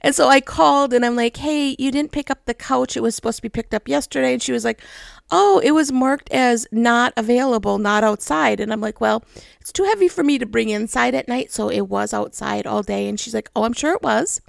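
Chatty woman with a gravelly edge. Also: fairly high pitch, brisk, no room sound, clean studio sound. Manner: chatty, laughing, animated quoted voices. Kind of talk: casual storytelling.

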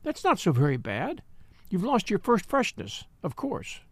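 A man's voice: sits high, wildly swooping pitch, a little slow, husky, no room sound, heavily acted. A man voicing a very old, gossipy spinster who talks bluntly and boasts of outliving her friend. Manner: triumphant, blunt and doubtful by turns.

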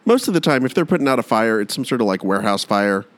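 Male podcast co-host, mid-pitched voice, deadpan jokes, casual chat. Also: fast talker.

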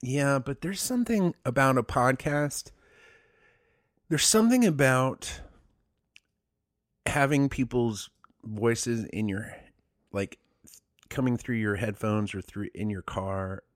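A man's voice: mid-range voice, animated, slow, long pauses, dry recording. A man co-hosting a podcast, chatting casually with dry, teasing banter. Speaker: podcast co-host. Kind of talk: casual conversational podcast chat.

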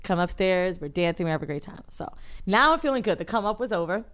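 A woman on a podcast telling a long, embarrassing story in casual chat, animated and profane, often acting out the people she quotes. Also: on the low side, quick pace. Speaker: podcast co-host. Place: podcast studio.

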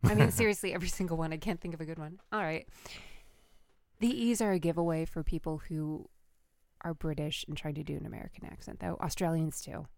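A woman co-hosts a podcast in a low, gravelly voice, teasing and laughing often. The sound is dry and close, with no room around it. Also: steady tone, fairly quick, a little mellow, dry recording. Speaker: podcast co-host. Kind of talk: casual chat.

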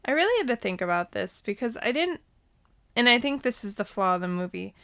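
A woman's voice: mid-range voice, very animated, fairly quick, a bit bright. A woman in her thirties co-hosting a podcast, chatting casually with lots of fillers. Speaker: podcast co-host. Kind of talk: casual chat.

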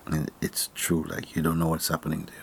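A man from Jamaica giving a casual spiritual talk, animated and often laughing, sometimes sinking to a near whisper. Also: very deep voice, fast, gravelly, a little hiss or hum.

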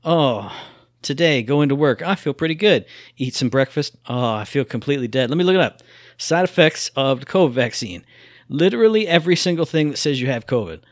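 A man's voice: mid-range voice, expressive, brisk, dry recording, clean studio sound. A man co-hosting a podcast, chatting casually and ranting with exasperated humor. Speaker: podcast co-host.

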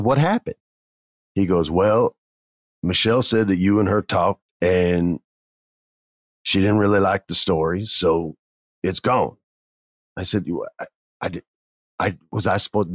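A man casually telling a backstage story, animated and acting out the people he quotes. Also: low-pitched, no room sound, clean studio sound. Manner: animated, acts out quoted voices. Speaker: podcast guest telling stories.

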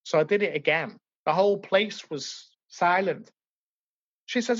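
A man's voice: high-pitched, unhurried, no echo. Earnest man telling his life story, lo-fi. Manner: earnest, emotional, reflective. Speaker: interview guest. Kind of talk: personal life story in conversation. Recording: dull, lo-fi, dry.

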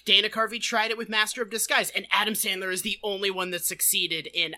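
A woman's voice: medium pitch, steady tone, fast, few pauses, pushed and bright. A woman co-hosting a casual movie-review podcast, mocking the film and swearing. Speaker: podcast co-host.

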